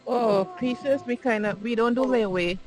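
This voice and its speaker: High-voiced woman player, teasing, bit of music in the back. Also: normal speed, darkish tone, low-quality recording. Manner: teasing, playful. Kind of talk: casual play at the table.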